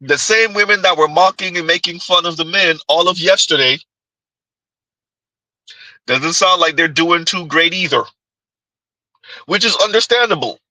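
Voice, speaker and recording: A man's voice: high voice, normal speed, long pauses, pushed and bright, no echo, rough recording. A man hosting a reaction commentary, talking rhetorically and often asking his audience "huh?". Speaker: commentary channel host.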